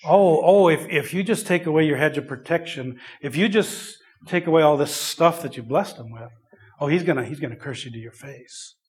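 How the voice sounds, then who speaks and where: A man's voice: fairly high pitch, moderate pace, lightly acted. A man voicing the devil as a sly male accuser, with a wheedling, mock-pleading manner.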